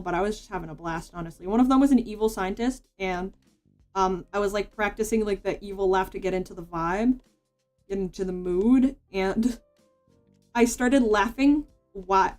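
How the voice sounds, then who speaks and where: A woman's voice: medium pitch, darkish tone. A woman streamer chatting casually while she draws, rambling with lots of "like" and false starts. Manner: rambling, full of "like" and restarts. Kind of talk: casual chat while drawing.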